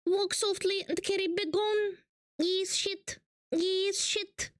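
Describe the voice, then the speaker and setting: A squeaky mock-Italian preacher. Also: female voice, fairly even intonation, no room sound, studio quality. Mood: solemn, goofy. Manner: slow, drawn-out sermon cadence. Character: squeaky mock-holy preacher woman, solemn and goofy. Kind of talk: mock sermon on a livestream.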